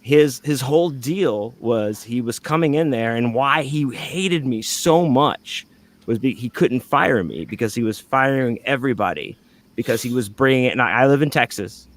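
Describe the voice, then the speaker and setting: A man's voice: mid-range voice, lively intonation, moderate pace. A man telling a long anecdote on a podcast in casual, rambling talk, full of fillers and swearing. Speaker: podcast guest.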